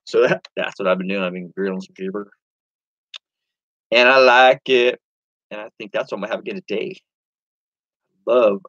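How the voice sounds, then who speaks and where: A man with a fairly low voice rambles through a casual live stream, chatting with viewers and reading their comments aloud as he goes. He talks in an easy, wandering way about whatever comes to mind. The sound is dry and close, with no room around it. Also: moderate pace, pauses often, a bit bright, no echo, highs cut off. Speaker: eBay reseller hosting a live stream.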